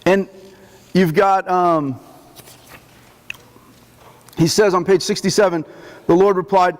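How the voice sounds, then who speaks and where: High-voiced man preaching in a chapel. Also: slow, pauses often. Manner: conversational, animated teaching. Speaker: chaplain. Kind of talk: sermon. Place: army post chapel. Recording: long reverb of a chapel.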